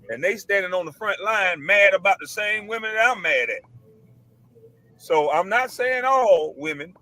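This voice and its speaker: A man with a high, sharp voice rants straight to camera in a blunt, preachy monologue. He leans on casual slang and hammers the same points again and again. It sounds like it was recorded on a computer mic. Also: poor audio. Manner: emphatic, preachy, repeats his points. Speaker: online commentator.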